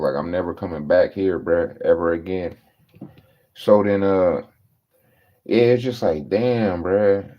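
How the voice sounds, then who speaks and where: Dude w a lowish voice going off, cussing a lot, slangy storytime rant, muffled lo-fi audio. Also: male voice. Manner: profane, exasperated, storytelling with slang. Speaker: podcast host. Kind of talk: casual ranting monologue. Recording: dull lo-fi recording.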